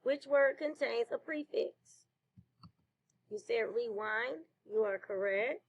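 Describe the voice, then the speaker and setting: A woman teacher leading a slow phonics lesson for children, praising answers. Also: on the high side, lo-fi sound. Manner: slow, clear classroom delivery with praise.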